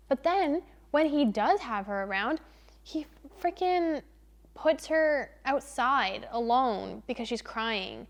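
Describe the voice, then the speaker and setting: A young woman vlogger chatting casually through a book review, animated and exasperated, leaning hard on "literally" and "like.". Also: high-pitched, slow. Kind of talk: casual spoiler-free book review chat.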